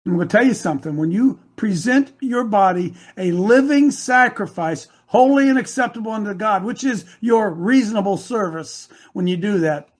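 Older male preacher in his sixties, very high voice, fervent and near tears, drops soft then shouts. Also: expressive, normal speed, hardly any pauses. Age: 60s. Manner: impassioned, swinging from hushed to shouting; emotional, close to tears. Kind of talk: sermon.

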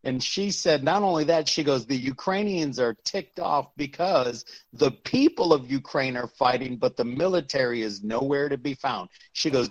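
A man's voice: medium pitch, expressive, normal speed, few pauses. A man calling in to a talk show, telling a story in a chatty way and calling the host brother. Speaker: caller. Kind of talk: phoned-in storytelling.

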